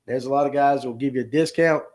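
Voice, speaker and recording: Talking fast at a medium pitch, this host of a fishing livestream show keeps his intonation fairly even and his tone darkish. He's from North Georgia, US, and he's folksy and joking, reading viewer comments out loud and addressing people by name on the casual stream.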